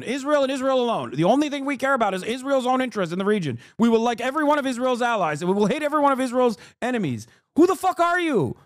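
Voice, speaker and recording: A man's voice: sits high, dry recording, studio quality. A man streaming live, giving heated, profane and sarcastic commentary while reacting to clips.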